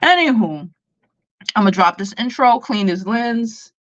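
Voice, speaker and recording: A woman's voice: a little high, measured pace. Chatty woman gossip livestreamer, lo-fi. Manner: chatty, animated, laughs a lot. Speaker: YouTube host. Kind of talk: casual celebrity gossip livestream. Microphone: webcam on a computer.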